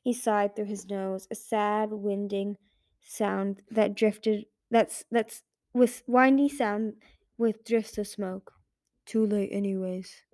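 A woman reading a fantasy novel aloud in a soft, measured narration. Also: mid-range voice, level tone. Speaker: audiobook reader. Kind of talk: fan audiobook narration.

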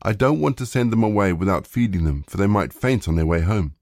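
A man reading the lines of Jesus as a calm, measured male teacher in a plain voice. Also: lowish voice, dry recording, clean studio sound, close to an everyday voice. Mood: steady.

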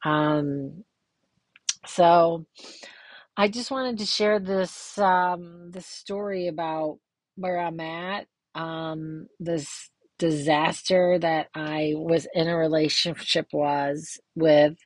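Middle-aged woman, podcast host, low and unhurried, candid and rambling, dry close sound. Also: fairly even intonation, no echo. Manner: candid, rambling with many fillers and restarts. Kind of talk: casual personal monologue.

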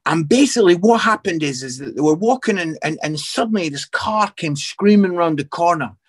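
A man, an evangelist and comedian, telling his faith story in an interview as an animated storyteller with many restarts. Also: a little high, fairly quick, husky. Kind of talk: personal testimony in an interview.

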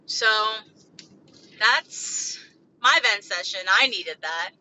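Woman podcaster, bright high voice, agitated profane rambling vent, slightly lo-fi sound. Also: animated, takes it slowly, a little hiss or hum. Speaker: podcast host. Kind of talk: solo venting podcast.

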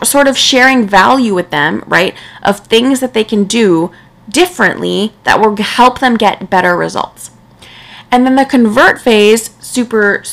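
Tired young woman coach rambling casually on her podcast, bit of vocal fry. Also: mid-range voice, a bit bright. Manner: casual, conversational, lots of "right?" and "like". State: tired and yawning, late at night. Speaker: podcast host, business coach. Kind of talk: solo podcast talk.

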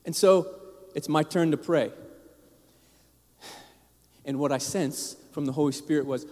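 A man's voice: a little high, fairly even intonation, normal speed, long pauses, a little mellow, long reverb tail. A man preaching a casual, storytelling sermon to a congregation, with frequent restarts and asides to the listeners. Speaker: pastor. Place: church sanctuary.

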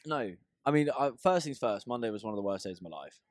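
A man's voice: fairly low pitch, lively intonation, quick pace, dry recording, studio quality. A young man in his twenties co-hosting a casual podcast, chatty and jokey, laughing often. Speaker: podcast co-host.

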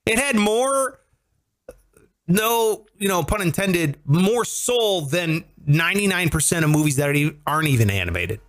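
Dude hosting a podcast, high bouncy voice, jokey, kinda bright. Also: male voice, normal speed. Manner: animated, jokey, asks questions. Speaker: podcast co-host. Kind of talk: casual chat.

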